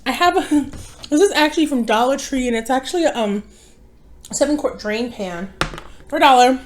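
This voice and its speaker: A woman's voice: high voice, animated, normal speed, slight background noise. A young woman in casual chat while eating, tired and rambling, often correcting herself. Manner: rambling, easily distracted, self-correcting. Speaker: mukbang vlogger. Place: home.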